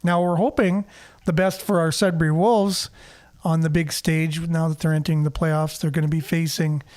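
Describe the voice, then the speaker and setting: Chatty high-voiced man hosting. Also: little pitch movement, normal speed, darkish tone. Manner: chatty, reads news aloud with asides and fillers. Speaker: host. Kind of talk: casual local news chat.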